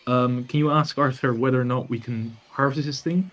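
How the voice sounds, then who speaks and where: A man playing a tabletop game, talking casually at a middling pitch. He jokes around and drops swear words freely in loose banter with the table. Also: fairly even intonation, a little fast. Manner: swears, joking. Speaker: player.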